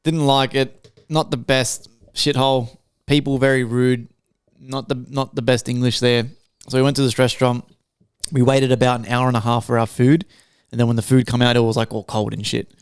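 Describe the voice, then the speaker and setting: A man's voice: medium pitch, flat delivery, normal speed, clean tone, no echo. A man co-hosting a podcast, telling a story in casual chat with blunt, clipped, swearing phrases. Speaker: podcast co-host.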